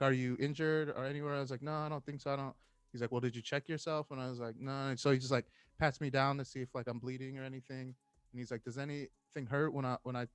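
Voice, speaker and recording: Male firefighter guest, thirties, mid-range voice, lively anecdotal delivery, dry close recording. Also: mid-range voice, clear, resonant tone, no echo. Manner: animated storyteller acting out quoted voices. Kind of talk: casual storytelling chat.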